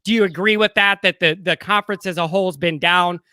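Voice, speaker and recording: Bright-voiced man with a Chicago accent. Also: sits high, fast talker, clean tone, no room sound, studio quality. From Midwest US. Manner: conversational, steering the topics. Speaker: show co-host. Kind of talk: casual sports talk.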